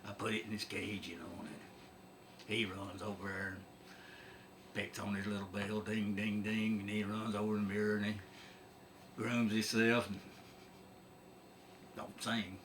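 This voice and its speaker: A man's voice: lowish voice, level tone, measured pace, pauses often, fairly bright tone, slight background noise. A middle-aged man telling a comic folksy story, drawling and chuckling along. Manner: drawling, laughs at his own tale.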